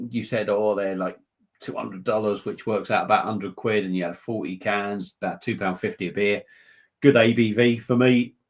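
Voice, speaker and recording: A man from southern England hosting a casual beer-review live stream, rambling and joking with frequent laughs. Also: lowish voice. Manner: rambling, jokey, laughs often. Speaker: beer review channel host.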